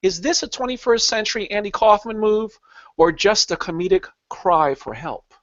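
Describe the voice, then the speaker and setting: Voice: medium pitch, moderate pace, dry recording. A podcast host on a video call, asking pointed, teasing questions in a casual chat. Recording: dull, dry online call audio.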